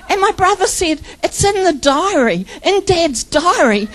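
A woman's voice: extremely high pitch, expressive, unhurried, fairly bright tone, slight background noise, poor audio. A middle-aged woman preaching a personal testimony sermon, telling her story with laughter and tearful moments.

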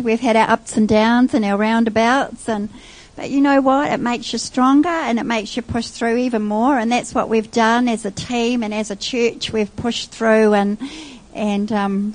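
A woman sharing a heartfelt, halting church testimony. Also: fairly high pitch, low-quality recording. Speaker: church leader.

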